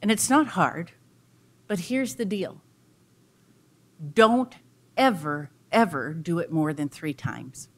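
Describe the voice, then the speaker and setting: A woman's voice: mid-range voice, expressive, a little slow, pauses often, voice pushed up. A woman voicing a wise, cautious female bird who gives firm warnings in a folk tale.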